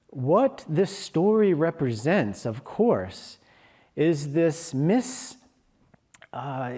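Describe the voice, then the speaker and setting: A man giving a Sunday service talk, telling a parable in a slow storytelling manner. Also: on the high side, warm tone. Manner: slow, storytelling, briefly acting out lion and sheep voices. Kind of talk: sermon with a told story. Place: hall of a spiritual community.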